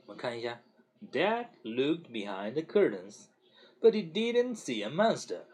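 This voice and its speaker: A man reading a bedtime story to a child, slow and gentle with lots of hesitant fillers. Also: mid-range voice, sing-song.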